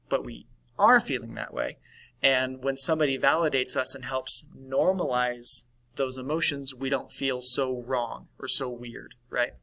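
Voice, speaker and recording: A man's voice: medium pitch, steady tone, a little slow, vocal fry, pushed and bright, low-quality recording. A man teaching a recorded lesson in a conversational way, often checking in with "right?". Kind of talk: recorded class lesson on validation.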